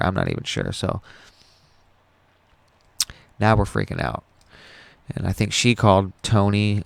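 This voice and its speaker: A man's voice: fairly low pitch, gravelly, darkish tone, dry recording. A man hosting a podcast, telling a personal story in a rambling, profane, casual way with frequent restarts. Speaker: podcast host.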